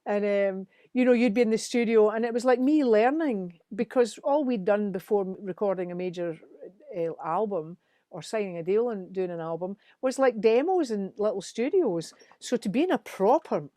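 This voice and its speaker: A woman's voice: medium pitch, normal speed, dry recording. A middle-aged Scottish woman, a musician guest, telling studio stories in casual chat and acting out the quotes. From Scotland. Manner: animated storytelling, acts out quotes.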